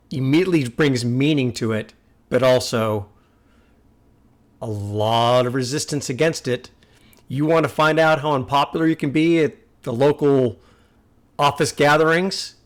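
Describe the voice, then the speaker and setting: A man's voice: mid-range voice, a little slow, long pauses. A man hosting a music reaction video, talking earnestly and repeating himself like a sermon. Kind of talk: casual reaction commentary.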